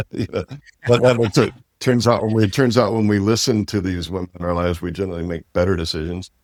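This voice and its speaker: A winery owner in his fifties from Walla Walla Valley, Washington, talks casually as an interview guest, rambling with many fillers and restarts. His low, slightly mellow voice is fast and flat, in a dry, clean studio recording.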